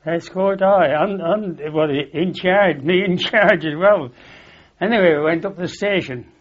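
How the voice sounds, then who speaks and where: A man's voice: high-pitched, unhurried. Older Lancashire man spinning a rambling yarn. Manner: chatty, repeats "I said", laughs at his own story. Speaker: interviewee. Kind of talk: rambling anecdotal reminiscence. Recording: dull lo-fi recording.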